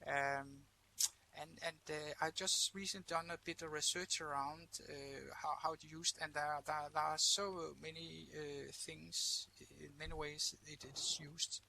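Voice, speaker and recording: Bright-voiced hesitant man. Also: fairly high pitch, little pitch movement, measured pace, creaky, slight background noise. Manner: hesitant, many fillers and repeated words. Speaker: participant teacher. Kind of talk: casual online discussion.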